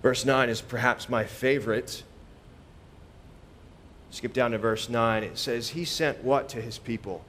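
A man delivers a sermon in a loose, conversational style, his voice sitting a little higher than most. He preaches with animation, repeating words and phrases as he works through the passage. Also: fairly bright tone.

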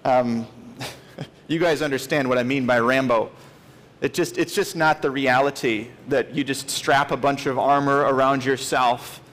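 A man's voice: medium pitch, fairly even intonation, measured pace, a bit bright. A man in his late thirties preaching a sermon as pastor, earnest and emphatic, stressing key words. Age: 30s.

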